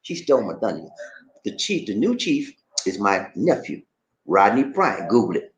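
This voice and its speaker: Man, middle-aged, show host, outspoken, animated, wide-ranging pitch, echoey room. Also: moderate pace. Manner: animated, laughing, outspoken storyteller. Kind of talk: casual live-stream chat.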